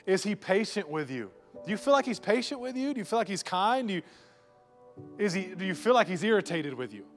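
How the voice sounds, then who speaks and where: A man's voice: high voice, very animated, fairly quick, faint music behind. A male pastor preaching a live sermon in church, joking and asking the congregation rhetorical questions. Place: church sanctuary before a congregation.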